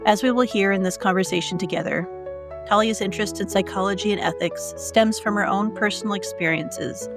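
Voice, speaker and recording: A woman hosting a podcast, reading a scripted intro and then asking curious, earnest questions. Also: lowish voice. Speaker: podcast host. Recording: intro voice over music.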